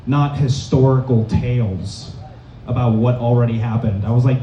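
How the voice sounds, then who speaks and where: A young man from Massachusetts doing a rambling stand-up set in a comedy club, deadpan and full of fillers. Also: medium pitch, moderate pace, slight background noise. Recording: dull, roomy, distant club recording.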